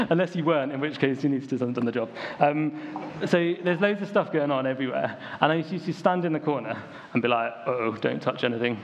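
Animated and brisk, a young man from the UK delivers a casual, storytelling sermon to his congregation in a fairly high voice. He leans heavily on ums and likes. Faint background noise sits under a dull, lo-fi recording.

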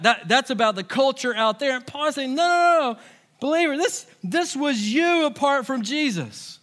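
A man preaching a sermon in church, talking conversationally and swinging between soft, low passages and emphatic, louder ones. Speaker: pastor.

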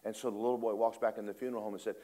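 A man preaching a storytelling sermon, animated, acting out voices and laughing often. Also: on the low side, rapid-fire.

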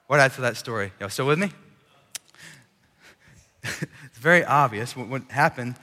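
Brief: preacher, casual sermon, bright tone, big hall reverb. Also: male voice, medium pitch, normal speed, long pauses. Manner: animated, chatty, audience-engaging. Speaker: college ministry preacher. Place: large church hall. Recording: long reverb in a large hall.

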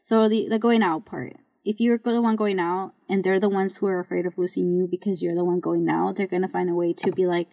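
A woman's voice: fairly low pitch, steady tone, brisk, creaky, hardly any pauses, mellow. A woman hosting a podcast in a casual monologue, blunt and full of swearing, rambling with restarts. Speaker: podcast host.

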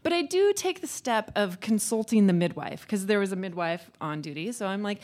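Brief: woman in her 30s, high and bright, lively storyteller who acts out quotes. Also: moderate pace. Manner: animated, chatty, acts out quoted dialogue. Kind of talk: live personal storytelling.

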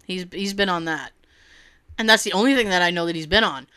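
A woman co-hosting a casual podcast chat, animated, laughing often and swearing freely. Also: on the low side, a little fast, clear, resonant tone, dry recording, clean studio sound. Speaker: podcast co-host.

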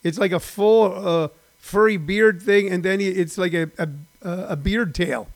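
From his home, a middle-aged former stand-up comic hosts a live stream, chatting with viewers in a rambling, unhurried way packed with filler words. His voice is high for a man, with a gravelly, creaky edge.

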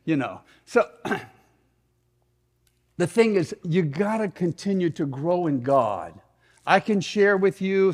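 A middle-aged man, a pastor preaching a sermon in an animated way that sinks into soft prayerful tones. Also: a little high.

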